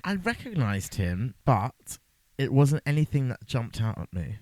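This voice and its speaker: A man co-hosting a film podcast in casual chat, animated and jokey, often dropping into silly voices. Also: medium pitch, unhurried, no room sound. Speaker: podcast co-host.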